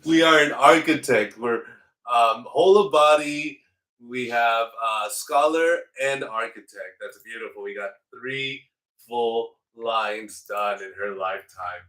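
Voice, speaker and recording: A man's voice: medium pitch, slow, fairly bright tone, distant mic. A man hosting a strategy game playthrough in casual commentary, slipping into playful mock outrage as his ruler. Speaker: let's play host. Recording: roomy echo, away from the mic.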